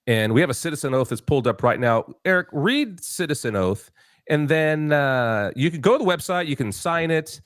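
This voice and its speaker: A man hosts a talk show, pressing his points with rhetorical questions and frequent restarts. His pitch swings widely as he preaches. The sound is dry and close. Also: animated, normal speed, fairly bright tone, no room sound. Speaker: show host. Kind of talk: political talk show chat.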